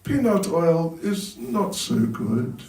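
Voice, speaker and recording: A man voicing a calm, nonchalant elderly male spiritual teacher who answers in a dry, deadpan way, heard from a distance in a roomy hall. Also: a little high, takes it slowly, heavily acted.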